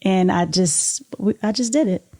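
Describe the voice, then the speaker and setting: A woman's voice: medium pitch, normal speed, warm tone. A middle-aged woman, a podcast co-host, telling a personal story in an interview in an earnest, heartfelt, reflective way.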